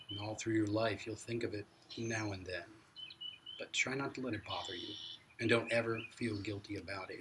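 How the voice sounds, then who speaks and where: A man's voice: fairly low pitch, background noise, natural voice. Brief: man voicing eager, folksy old grandpa; distant mic, birds outside. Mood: solemn. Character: excitable old grandfather, store owner.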